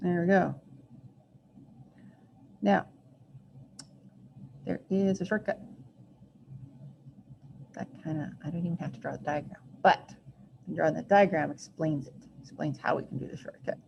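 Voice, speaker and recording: A woman's voice: deep voice, measured pace, creaky, pauses often. A woman teaching a recorded math lesson, chatty and self-deprecating, thinking aloud as she draws. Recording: muffled lo-fi recording, faint hiss.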